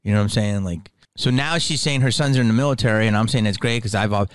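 A man's voice: lowish voice, quick pace, smooth, no room sound. A man hosting a podcast who reacts to a clip with blunt, profane, rambling opinions. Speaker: podcast host. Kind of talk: podcast commentary.

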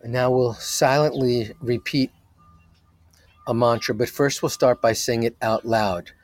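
A man leading a guided meditation as its teacher, talking softly and drawing out each phrase. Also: mid-range voice, fairly even intonation, faint music behind. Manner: slow, soft-spoken, drawn-out phrasing.

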